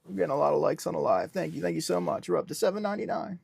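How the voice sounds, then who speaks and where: A young man hosting a casual livestream, reading comments with a deadpan businessman act. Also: a little high, very fast, vocal fry, breathy edge, no room sound. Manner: deadpan self-styled businessman persona. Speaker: livestream host.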